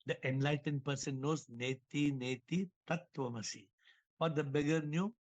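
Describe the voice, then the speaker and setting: On a muffled recording, a spiritual teacher gives a talk over a video call, his male voice a little high and his pace moderate. He's an animated storyteller, telling parables, repeating words and chuckling as he goes.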